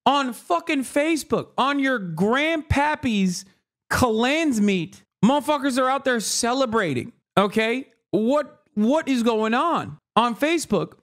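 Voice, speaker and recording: High-pitched profane male streamer. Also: expressive, takes it slowly, a bit bright. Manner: profane, sarcastic, mocks others in high put-on voices. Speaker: livestream commentator. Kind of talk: heated reaction commentary.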